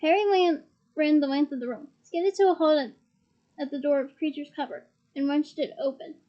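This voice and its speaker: A woman's voice: high-pitched, mellow, highs cut off. A woman reading a fantasy novel aloud, narrating steadily and with expression. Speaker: reader.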